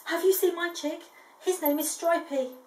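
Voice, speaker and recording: A woman's voice: very high-pitched, steady tone, normal speed, a little mellow, voice pushed up. A woman reading aloud voices a worried father emu looking for his lost chick, in an earnest, pleading way. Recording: echoey room, distant mic.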